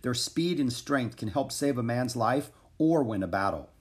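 A male narrator voicing an older man of learning, patient and measured as he explains. His delivery moves with lively pitch and reads like a storybook. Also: natural voice. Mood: calm. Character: calm, wise older male teacher.

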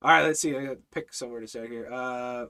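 A man teaching a Bible study and preaching urgently, in a lively, animated way. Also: mid-range voice, fast talker. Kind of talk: evangelistic preaching and live-stream Bible study.

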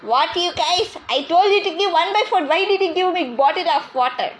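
A woman's voice: sits high, unhurried, bright, forceful tone, slight background noise, low-quality recording. A woman playing a bossy, scolding grandmother in an amateur comedy cooking skit.

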